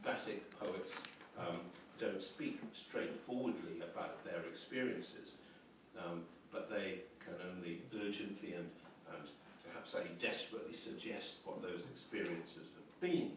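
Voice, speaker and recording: A man's voice: deep voice, unhurried, noisy background. A man giving a university lecture on poetry, reflective and hesitant, with many ums and restarts. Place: lecture room. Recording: roomy echoey lecture hall, mic at a distance.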